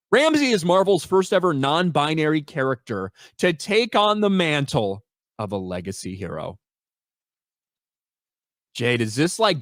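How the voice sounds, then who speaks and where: A man's voice: fairly high pitch, dry recording, clean studio sound. A man co-hosting a casual commentary chat, sarcastic and mocking in tone. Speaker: co-host.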